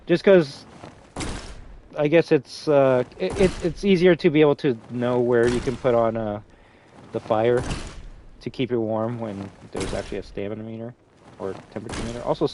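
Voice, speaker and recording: A man's voice: mid-range voice, moderate pace, dark tone, slight background noise. A man streaming a game, chatting casually with a friend and his viewers, rambling with restarts and casual swearing. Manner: rambling, many restarts and fillers, swears freely. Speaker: streamer hosting a game lobby. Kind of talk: casual live-stream chat.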